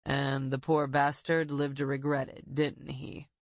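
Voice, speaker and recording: A woman's voice: a bass voice, flat delivery, a little slow, no room sound, muffled recording, pitched below the performer's own voice. A woman voicing an older retired male detective who speaks bluntly, with wry and stubborn pride, in an audiobook. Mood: gruff.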